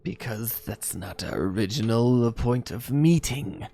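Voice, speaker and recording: A man's voice: mid-range voice, lively intonation, unhurried, dark tone. A man voicing a formal male noble envoy who speaks politely and with measure.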